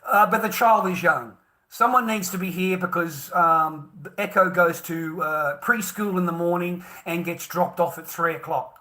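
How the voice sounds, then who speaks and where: A man's voice: sits high, a little slow, sharp tone. A middle-aged Australian man in a heated, profane rant, scornful and laughing bitterly. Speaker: vlogger. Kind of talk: angry ranting monologue.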